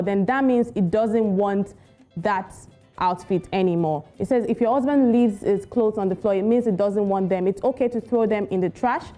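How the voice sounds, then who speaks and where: A woman presenting the trends segment on a breakfast news show, lively and teasing. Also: medium pitch. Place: TV studio.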